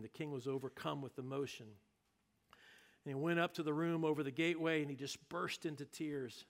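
A man's voice: medium pitch, a bit bright. A male pastor preaching a sermon, retelling scripture in a casual, joking storytelling manner.

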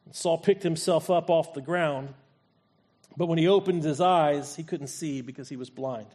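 Higher-voiced pastor preaching a sermon. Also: male voice, normal speed, warm tone. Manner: storytelling preacher acting out scripture voices. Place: church sanctuary.

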